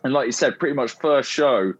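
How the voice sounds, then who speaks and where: A male musician guest chats in a friendly, rambling manner, drifting through his sentences. His voice sits at an ordinary pitch and is recorded close and dry, with no room sound. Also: fairly quick, husky, no echo, lo-fi sound, soft background music. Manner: rambling, friendly, many fillers. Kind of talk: casual interview chat.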